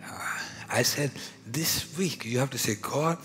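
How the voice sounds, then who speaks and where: A man with an Indian accent preaching a sermon, dropping to hushed whispers and rising to loud declarations. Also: mid-range voice, a little slow. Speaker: pastor. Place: church hall. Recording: live church hall with long reverb, music behind.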